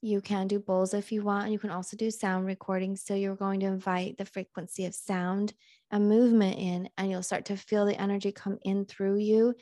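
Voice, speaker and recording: A woman hosting a podcast, leading a guided channeling session in a calm, unhurried, musing way. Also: mid-range voice, dry recording, studio quality.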